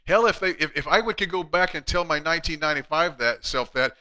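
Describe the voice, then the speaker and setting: A man's voice: a little high, animated, fast, sharp tone. A middle-aged man, a chiropractor hosting a casual live Q&A, talking bluntly and chattily. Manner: blunt, chatty, reads out viewer questions.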